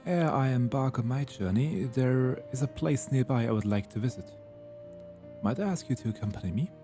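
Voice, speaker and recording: A man reading game dialogue aloud, voicing a gentle male god in mortal form with a French accent and formal, archaic, courteous speech. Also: medium pitch, animated, moderate pace, faint music behind, lightly acted. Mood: earnest.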